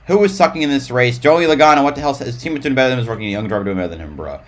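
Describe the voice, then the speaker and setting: A man's voice: mid-range voice, expressive, rapid-fire. A man live-streaming casual race commentary in a rambling way, with frequent restarts.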